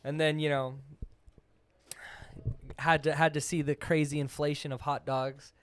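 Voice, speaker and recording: Animated high-voiced young man telling a story. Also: measured pace, clear, resonant tone. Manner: animated, full of "like", acts out voices in his stories. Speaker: podcast host. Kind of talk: casual storytelling chat.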